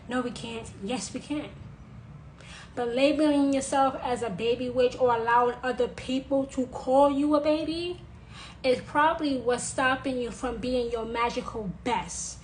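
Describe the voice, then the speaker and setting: A woman giving forceful advice in a monologue, hammering her points home by repeating them. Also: fairly high pitch, slight background noise, rough recording. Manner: insistent, repeating phrases for emphasis. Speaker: witch sharing advice. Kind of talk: emphatic monologue to camera.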